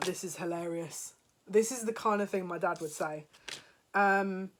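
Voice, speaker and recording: A woman with a fairly low voice speaks unhurriedly as a psychic reader, giving a spiritual card reading to her viewers on camera. She's emotional, laughing and at moments tearful.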